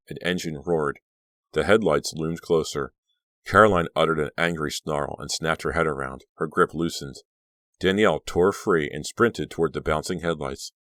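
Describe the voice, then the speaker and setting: A man narrating an audiobook in a steady, measured storytelling manner. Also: a bass voice, no echo, clean studio sound. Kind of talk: scripted narration.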